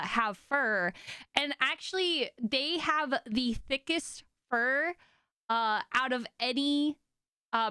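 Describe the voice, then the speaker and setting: Bright, chatty young woman teaching. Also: fairly high pitch, clean tone, dry recording, studio quality. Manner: chatty, many fillers, enthusiastic asides; reads and answers chat questions. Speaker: streamer teaching about sea otters. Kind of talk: casual educational talk.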